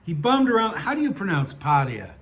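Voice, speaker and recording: An older man with a fairly high voice reads his own stories aloud. He keeps wandering off into chatty, self-mocking asides before he picks the thread back up. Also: wildly swooping pitch, brisk, fairly bright tone. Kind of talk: story reading with chatty asides.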